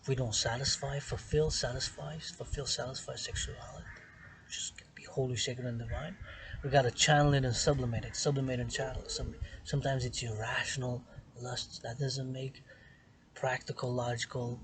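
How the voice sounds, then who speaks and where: A man giving a rambling monologue as a vlogger, repeating himself and swinging between loud stresses and hushed whispers, recorded outdoors. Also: medium pitch, level tone, brisk, noisy background. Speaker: vlogger philosophizing to camera. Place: outdoors in the sun on an island.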